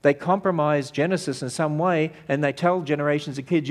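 A man's voice: on the high side, fairly quick, hardly any pauses. Man preaching to a crowd, emphatic, keeps firing rhetorical questions. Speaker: ministry speaker. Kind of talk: sermon-style talk.

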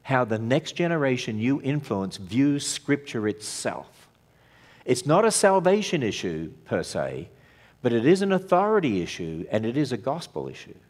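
A man giving an emphatic sermon-style talk as a ministry speaker, asking rhetorical questions of his audience. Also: medium pitch.

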